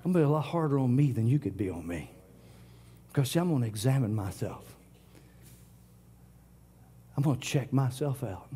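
A middle-aged man preaching a sermon, swinging from loud declarations to hushed whispers. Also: mid-range voice, animated, moderate pace, pauses often, husky. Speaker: pastor.

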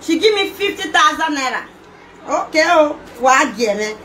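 In a high voice with lively intonation and a slightly bright quality, a middle-aged Nigerian vlogger delivers an emotional rant to camera at normal speed. She speaks Nigerian Pidgin English, mixes in local-language words, and keeps firing emphatic rhetorical questions, recorded in an echoey room with faint noise.

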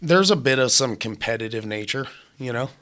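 A man's voice: medium pitch, expressive, a little fast, fairly bright tone. A young man, a welder, telling blunt, swear-heavy stories in casual podcast chat.

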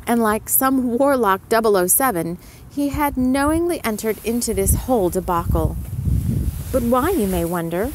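Gentle female storyteller for ASMR, slow, speaks to the listener. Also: medium pitch, slight background noise, rough recording.

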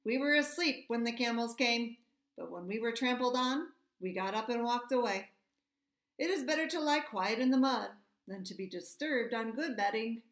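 A woman voicing a placid pair of male gun bullocks who talk in a calm, plodding, smug way. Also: on the high side, normal speed, roomy sound.

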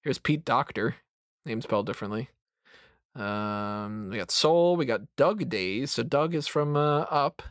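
A man in his thirties chats loosely on a podcast mic, rambling and poking fun at himself. The sound is close and dry, with no room around it. His pitch sits in an ordinary middle range. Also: a little slow, a bit bright, dry recording. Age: 30s. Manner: rambling, self-mocking, laughs often. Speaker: podcast host. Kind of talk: casual roundtable chat.

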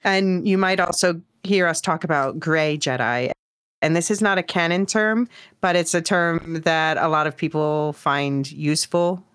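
Woman hosting a podcast, kinda low voice, chatty, explains stuff. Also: unhurried, fairly bright tone, clear, resonant tone. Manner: chatty, explains terms, laughs easily. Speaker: podcast host. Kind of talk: casual podcast chat.

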